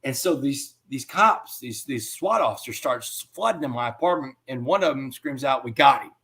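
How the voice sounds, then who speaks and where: A man giving an interview. He tells a personal story in an animated way and often says "man.". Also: mid-range voice, normal speed. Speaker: interview guest.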